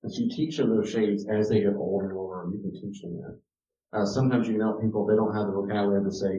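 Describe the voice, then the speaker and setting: A man's voice: fairly low pitch, steady tone, fast talker, warm tone. Man teaching emphatically in a roomy hall. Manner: emphatic, repeats key words, addresses listeners directly. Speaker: speaker teaching on parenting. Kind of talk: teaching talk to an audience. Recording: roomy, distant, dull lo-fi sound.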